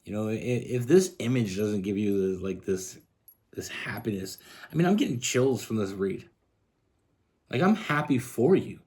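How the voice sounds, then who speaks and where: A man's voice: on the low side, lively intonation, normal speed, a little mellow. A man from Canada giving a casual tarot love reading, earnest and rambling with frequent restarts. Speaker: tarot reader.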